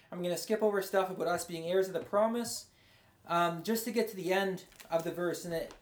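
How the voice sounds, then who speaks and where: A man giving a conversational, rambling sermon as a pastor, his voice going a bit hoarse. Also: high voice, echoey room. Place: large room, speaking to a congregation far away.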